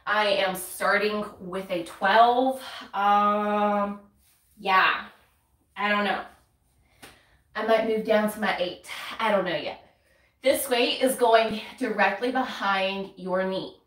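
Talking slowly with a North Carolina Southern accent, this fitness creator coaches a workout in a chatty way, counting reps and laughing or sighing between moves. Her mid-range voice has a fairly bright tone, picked up by a faraway mic in a roomy space.

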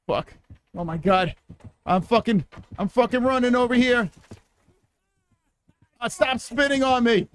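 A man with a very high-pitched, clean voice streams his gameplay, speaking slowly with long pauses. He's still excitable, cursing frequently and yelping and laughing at the screen.

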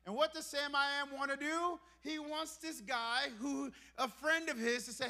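A pastor from Brooklyn, New York, delivering a lively sermon in a church. He swings from soft, confiding lines to loud, emphatic ones. His voice sits high for a man and sounds bright and forceful. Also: normal speed, hardly any pauses. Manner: animated preaching that swings from hushed to emphatic. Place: church sanctuary.

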